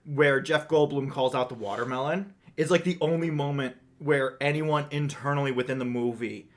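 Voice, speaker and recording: A man co-hosting a casual film review podcast, talking excitedly and laughing often. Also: mid-range voice, normal speed. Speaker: podcast co-host. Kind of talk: casual chat.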